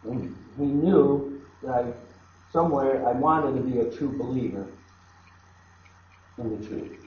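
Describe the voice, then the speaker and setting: A man preaching a sermon, emphatic and repetitive, dropping to a hush and then rising loud. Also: medium pitch, measured pace. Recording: echoey, dull hall recording.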